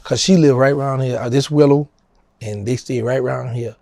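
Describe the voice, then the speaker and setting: A middle-aged man with a New Orleans accent, telling a story as an interview guest and acting out quotes in a higher voice. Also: steady tone, a little fast, dark tone, no echo, clean studio sound. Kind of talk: casual storytelling.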